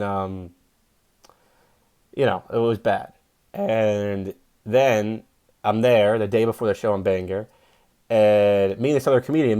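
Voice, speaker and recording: Profane fired-up young comedian man. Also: mid-range voice. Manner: profane, rambling, gets loud and fired up when preaching. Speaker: comedian and podcast host. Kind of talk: casual storytelling monologue.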